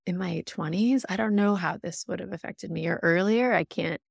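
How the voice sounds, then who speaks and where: A woman's voice: lowish voice, normal speed, vocal fry, breathy edge, no room sound, studio quality. A woman in her thirties chatting candidly in a grateful, easygoing way. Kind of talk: candid casual chat.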